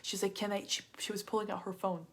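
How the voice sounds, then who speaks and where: A woman's voice: medium pitch, fairly even intonation, quick pace, fairly bright tone, slightly rough. A woman coach telling a personal story in a live masterclass, chatty and full of "like" and "kinda". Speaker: business coach.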